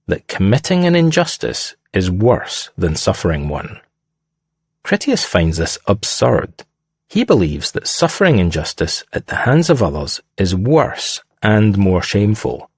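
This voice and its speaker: A man delivers scripted narration at a measured, deliberate pace. His voice sits low and a little husky, and it rises and falls expressively. The recording is dry and close. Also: a little mellow, no echo.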